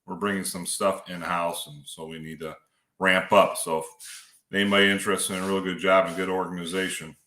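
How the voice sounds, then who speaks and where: A man's voice: sits low, flat delivery, fairly quick, sharp tone, echoey room. A man calling in as a guest, a county road commissioner, talking in an easygoing, folksy way over a remote line. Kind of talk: casual remote interview. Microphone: phone or computer call.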